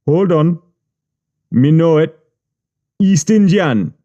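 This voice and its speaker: A man voicing a smooth-talking Jamaican gang boss, boastful and teasing in thick patois. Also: fairly high pitch, lively intonation, takes it slowly, dark tone, muffled recording, pitched above the performer's own voice.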